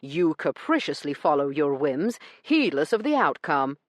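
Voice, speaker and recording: A stern, blunt gentleman, read by a woman narrator, who lectures and needles with dry sarcasm. The voice stays low and firm yet moves a lot in pitch. It is recorded close and dry, as in an audiobook booth. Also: very animated, unhurried, dry recording, heavily acted. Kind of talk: audiobook character reading.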